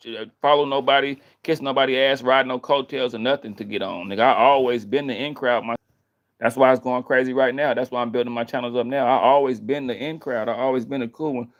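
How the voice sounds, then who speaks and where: A man's voice: medium pitch, steady tone, fairly quick, muffled recording. A man vlogging in a heated, casual rant, emphatic and profane, repeating himself.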